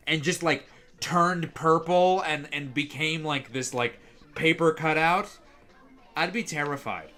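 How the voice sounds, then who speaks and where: A man's voice: fairly high pitch, slow pace, faint music behind. A young man streaming casually, rambling and reacting with lots of "like" fillers. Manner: rambling, heavy use of "like", excitable reactions.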